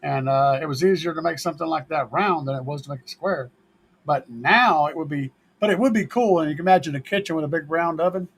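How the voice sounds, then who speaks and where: A man's voice: on the high side, quick pace, fairly bright tone, a little hiss or hum, rough recording. A man hosting a car audio show, chatting casually and answering viewer questions in a laid-back, joking manner and swearing freely.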